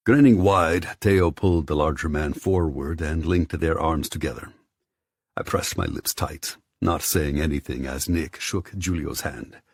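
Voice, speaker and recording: A very low, husky male voice reads a first-person story in measured, even steps. It sits dry and close to the mic, with nothing around it. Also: no echo. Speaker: audiobook narrator. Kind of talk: scripted first-person narration.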